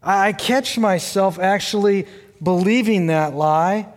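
Older male pastor, high voice, slow storytelling delivery, long hall reverb. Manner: storytelling, conversational, speaks to the congregation directly. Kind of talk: sermon with personal story.

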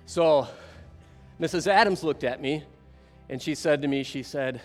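A man telling a story to an audience in an animated way, often turning to ask the listeners questions. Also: on the high side, normal speed, big-room sound, faint music behind. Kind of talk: storytelling talk.

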